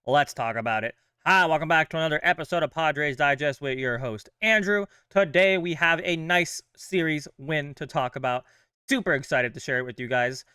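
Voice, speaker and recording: Bright, crisp-voiced upbeat male host. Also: fairly high pitch, moderate pace, dry recording, studio quality. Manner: chatty and upbeat, loose with fillers. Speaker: host of a fan sports channel. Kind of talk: casual chat.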